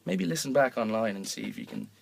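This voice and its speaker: A young man hosting a homemade mock radio show, rambling through comic patter in an offhand, deadpan way with lots of fillers and self-corrections. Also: medium pitch, fast, vocal fry, husky.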